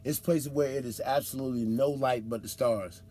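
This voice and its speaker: A man's voice: mid-range voice, fairly even intonation, normal speed, warm tone, slight background noise. A man who drives trucks, telling road stories in a casual, slangy monologue, acting out other drivers and whooping.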